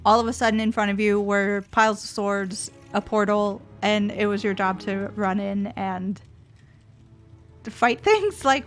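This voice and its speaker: A woman giving casual, playful gameplay commentary to her viewers. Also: on the high side. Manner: chatty, playful asides to viewers. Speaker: streamer.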